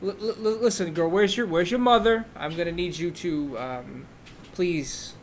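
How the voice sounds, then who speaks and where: A man's voice: on the high side, measured pace, slight background noise. A man voicing a flustered adult male military base guard who stammers through his words.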